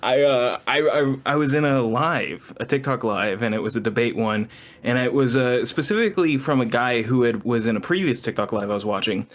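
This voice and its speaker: A man co-hosting a podcast, telling a story in an animated way, swearing and laughing a lot. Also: mid-range voice, brisk. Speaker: podcast co-host. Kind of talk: casual podcast chat.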